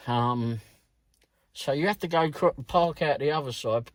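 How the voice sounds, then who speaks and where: A man's voice: fairly high pitch, slow, no room sound. A middle-aged British man recounting his delivery shifts in a rambling, casual way, swearing freely and chuckling. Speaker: delivery driver vlogger. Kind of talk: casual storytelling vlog.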